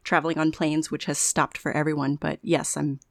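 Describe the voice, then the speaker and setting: A woman's voice: sits low, flat delivery, fairly quick, gravelly, no room sound. A woman guest on a podcast, articulate and witty with dry humor, chatting casually from home. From United States. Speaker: podcast guest, speaker and coach. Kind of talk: casual interview chat. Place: home in Brooklyn.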